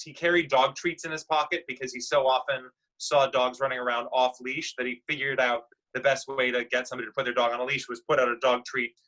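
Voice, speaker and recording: A man with a mid-range, sharp voice leads a class discussion, patiently explaining a news story to children and asking them guiding questions. The recording is rough.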